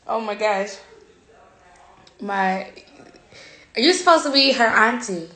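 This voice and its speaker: A woman's voice: a little high, lively intonation, slow, long pauses, bright, forceful tone. Lol young woman on a phone live, playful teasing, laughs a lot, roomy echo. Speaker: social media host. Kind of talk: casual livestream chat.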